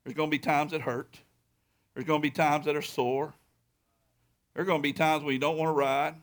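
A man preaching a sermon as pastor, telling a story with loud excited peaks and quiet low stretches. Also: normal speed.

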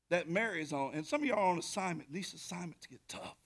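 A man preaching a sermon, telling a story with animated swings from shouting to whispering and calling out to the congregation. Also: high-pitched, fast, creaky, hardly any pauses. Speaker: pastor.

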